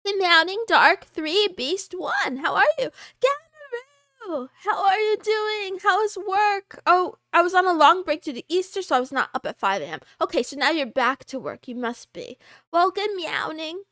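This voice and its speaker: A woman live streamer chatting casually and greeting her chat, giggly and excitable. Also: sits high, normal speed, dry recording, clean studio sound.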